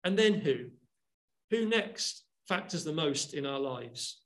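A man's voice: a little high, expressive, slow. A man giving a sermon, reading Bible verses aloud and explaining them with questions to his listeners. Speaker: preacher.

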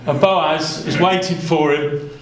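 An earnest preacher delivers an expository Bible sermon in an echoey hall, speaking slowly in a slightly high voice with a steady tone. His manner is conversational, full of asides and restarts.

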